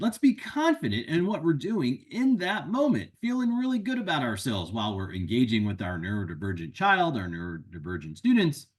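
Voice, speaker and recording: A man's voice: on the high side, darkish tone, husky. A man hosting an upbeat, encouraging advice talk for parents and teachers, walking through a list of tips. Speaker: educational consultant and host.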